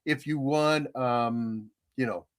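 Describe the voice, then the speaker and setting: A man's voice: medium pitch, slow, smooth. An older man co-hosting a podcast, telling stories in a rambling, folksy way with frequent chuckles. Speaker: podcast co-host. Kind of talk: casual chat.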